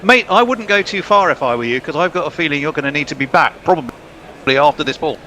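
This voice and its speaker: A man's voice: fairly high pitch, lively intonation, quick pace, sharp tone, slight background noise. A man doing ball-by-ball cricket commentary in a playful, joking way, often laughing. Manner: playful, laughing, jokey banter.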